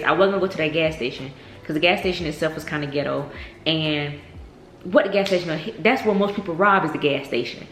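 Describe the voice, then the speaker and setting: Low-voiced woman telling a storytime. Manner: animated, addresses viewers as y'all, many fillers. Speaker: vlogger. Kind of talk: casual storytime. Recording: echoey room with faint noise.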